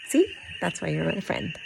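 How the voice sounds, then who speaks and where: This woman's voice is fairly low in pitch, and the background is noisy. She's in Puerto Rico, talking to the camera in an earnest, rambling vlog about her feelings, laughing often along the way.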